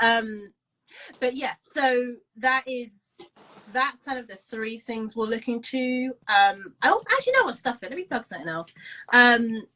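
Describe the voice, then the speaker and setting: A woman's voice: a little high, bright, forceful tone, rough recording. A young woman in her twenties with a London accent, chatting casually as co-host, rambling with lots of ums and restarts. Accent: London English. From London, England. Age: 20s. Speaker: co-host, musician. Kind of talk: casual video-call chat.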